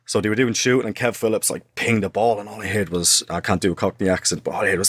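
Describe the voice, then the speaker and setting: A middle-aged man, a former footballer, telling animated stories in casual studio chat. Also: low-pitched, fast, few pauses, breathy edge. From Ireland. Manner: animated anecdotes, acts out quotes, swears. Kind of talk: casual storytelling. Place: podcast studio.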